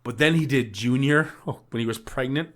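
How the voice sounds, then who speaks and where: A man's voice: medium pitch, normal speed, a bit bright. A man on a podcast recapping a film in casual chat, swearing often, laughing a lot and acting out the characters' lines. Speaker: podcast co-host.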